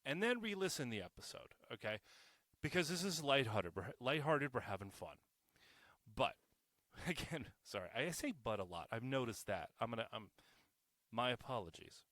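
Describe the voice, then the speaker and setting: A man hosts his own podcast alone, caffeinated and sarcastic, cursing and correcting himself as he goes. His pitch leaps up and down in a lively way. The recording is dry and close to the mic, with no room sound. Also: moderate pace, dry recording. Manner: sarcastic, animated, swearing, self-interrupting. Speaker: podcast host. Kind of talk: solo podcast monologue.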